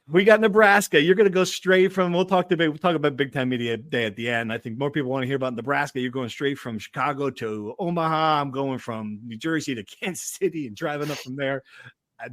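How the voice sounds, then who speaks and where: A man hosts a casual sports podcast, joking around and teasing his co-hosts, and calls himself a hotel snob. His voice is a little high and a bit bright, with studio-quality sound and no echo.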